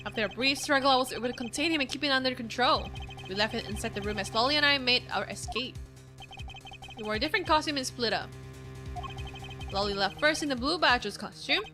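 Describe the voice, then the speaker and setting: Woman reads a shaky young guy under pressure, halting and stammering, high voice. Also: over music, close to an everyday voice. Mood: nervous. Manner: hesitant, stammering. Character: nervous young man caught lying, stammering.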